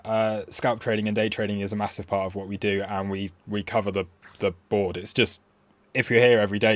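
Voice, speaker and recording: A man's voice: on the low side, no room sound. Chatty man hosting a stream. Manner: chatty and self-mocking, with frequent fillers. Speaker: crypto trading live stream host. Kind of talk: casual live-stream commentary.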